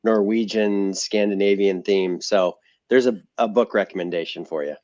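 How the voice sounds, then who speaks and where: A man with a somewhat low voice chatting on a podcast, hesitant and full of fillers. His audio sounds a bit dull and muffled. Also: fairly even intonation, moderate pace, a little mellow. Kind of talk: casual podcast chat.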